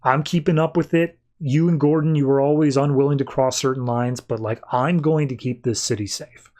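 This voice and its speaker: A man's voice: medium pitch, steady tone, moderate pace, warm tone, natural voice. A man voicing a defiant young male police officer laying down his stance. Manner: firm, defiant.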